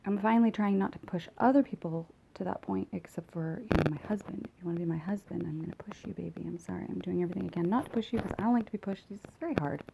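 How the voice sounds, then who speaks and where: A woman's voice: mid-range voice, quick pace, vocal fry, hardly any pauses, background noise. A woman in her late thirties talking in a rambling, candid, profane confessional vlog, recorded on a phone. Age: late 30s.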